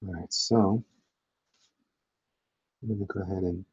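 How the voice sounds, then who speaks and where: Drawing on a livestream, this man rambles to chat in a casual, self-deprecating way. He sits low in pitch with a steady tone and an unhurried, breathy delivery, and the sound is lo-fi.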